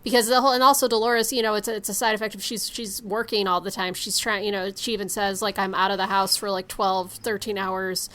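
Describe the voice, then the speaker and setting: A woman's voice: mid-range voice, level tone, fast talker, hardly any pauses, a bit bright. A woman co-hosting a book podcast in casual chat, hesitant and full of fillers. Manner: hesitant, many fillers and restarts. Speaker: podcast co-host.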